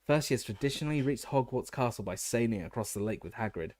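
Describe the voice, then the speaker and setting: A man's voice: medium pitch, lively intonation, quick pace, a little mellow, no room sound. A man reading a fantasy novel aloud as an audiobook narrator, often stumbling and restarting words.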